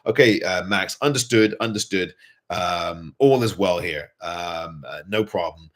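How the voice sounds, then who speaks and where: A man's voice: sits low, unhurried. A man hosting a fan show, giving earnest post-match commentary and repeating points for emphasis. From England.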